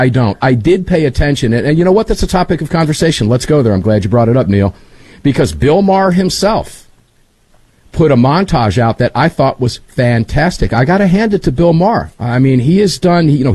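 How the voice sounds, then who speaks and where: A man hosting a talk radio show from his studio, energetic and chummy. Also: medium pitch, husky, dry recording. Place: home studio.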